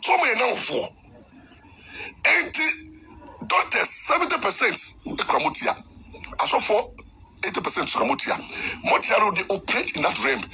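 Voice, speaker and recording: A Ghanaian man, a lecturer, telling a story in an excitable way and mixing Twi with English. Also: high voice, moderate pace, pauses often, slight background noise. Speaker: lecturer and lawyer. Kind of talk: animated storytelling speech.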